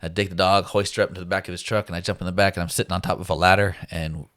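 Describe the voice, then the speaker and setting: A man's voice: low-pitched, level tone, very fast, a bit bright, dry recording, clean studio sound. A man casually telling a survival story as a podcast guest, laid-back, laughing often and acting out what people said.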